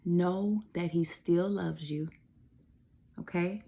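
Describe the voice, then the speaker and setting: Low, gravelly-voiced woman giving encouragement. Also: fairly even intonation, slow. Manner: conversational, reassuring, frequent fillers and soft laughs. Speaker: Christian devotional speaker. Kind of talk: casual devotional message.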